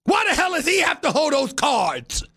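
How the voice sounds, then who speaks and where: A middle-aged man hosting a sports talk show in a studio booth, delivering an exasperated, shouting rant. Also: very high voice, wildly swooping pitch, moderate pace. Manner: loud, exasperated ranting, shouting often. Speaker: show host. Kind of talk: ranting sports talk monologue.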